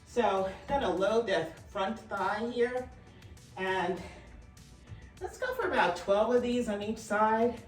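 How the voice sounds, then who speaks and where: Her voice is medium-pitched and expressive, and she speaks slowly: a middle-aged fitness instructor, a little breathless, leading a dumbbell session. She counts reps and cues form with encouragement, captured from afar in a roomy space with faint music behind her.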